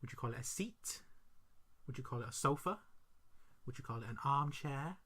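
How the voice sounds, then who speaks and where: Podcast co-host man, animated storyteller, bright tone. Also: mid-range voice, normal speed. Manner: animated storyteller who laughs often. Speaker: teaching assistant. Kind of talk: casual chat.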